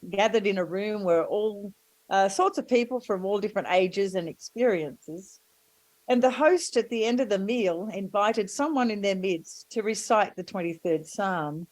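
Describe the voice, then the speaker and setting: A woman's voice: mid-range voice, no room sound, low-quality recording. Woman giving a sermon, easygoing storyteller, dry close sound. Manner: gentle storytelling with warm asides. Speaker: preacher.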